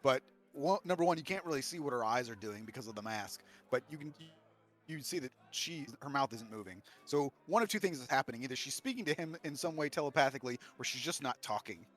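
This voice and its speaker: A man's voice: medium pitch, expressive, quick pace, fairly bright tone. A man running a tabletop game as game master, narrating in a casual way with many restarts.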